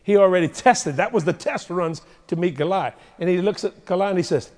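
A male preacher delivering a sermon with humorous, animated storytelling, recorded in a large hall with a long reverb. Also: sits high, fairly quick, few pauses.

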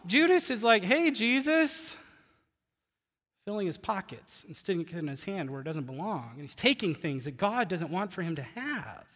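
A man preaching in a high, bright voice, animated and conversational, with easy laughs between points. His sermon rings out with a long echo in a church hall. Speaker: pastor.

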